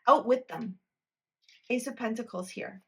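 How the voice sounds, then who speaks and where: Her voice sits on the high side, a little slow and slightly rough. As a tarot reader in a pick-a-card video, she speaks right to the viewer in a blunt, emphatic way, swearing freely.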